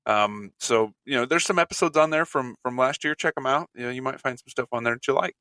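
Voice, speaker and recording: A man who is a guest on a podcast, chatting in a relaxed way and chiming in briefly. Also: mid-range voice, fast talker, no echo. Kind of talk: casual chat.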